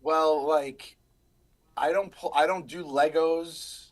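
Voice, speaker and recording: A man's voice: fairly high pitch, takes it slowly. A man in his thirties, a podcast co-host, rambling through casual live stream chat and stories. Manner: rambling, animated storyteller.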